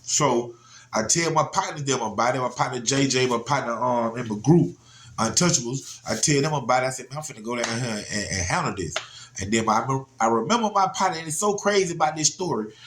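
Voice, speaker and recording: A man, from Georgia, telling a personal story in a casual, animated way, often asking "you know what I'm saying". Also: mid-range voice, fairly quick, slight background noise. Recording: roomy echo.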